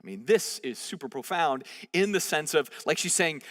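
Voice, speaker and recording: A male pastor with a high, bright voice preaches a sermon in a large church room where a long reverb trails his words. His delivery is conversational and animated, and he slips into the voices of the people in the story. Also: moderate pace, creaky, hardly any pauses.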